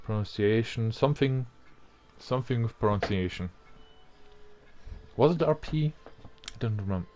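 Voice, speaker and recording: A man's voice: medium pitch, expressive, normal speed, darkish tone. A young man giving casual commentary over a video game, rambling and thinking aloud, often trailing off and restarting. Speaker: let's-play commentator.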